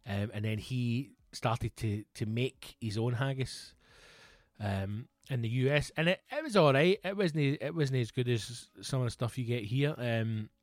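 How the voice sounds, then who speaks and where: A man's voice: mid-range voice, a little slow, dry recording. Scottish man in his thirties, dry close sound. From Scotland. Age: 30s. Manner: swears freely, rambling anecdotes with quoted voices. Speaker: podcast co-host. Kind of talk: casual storytelling chat.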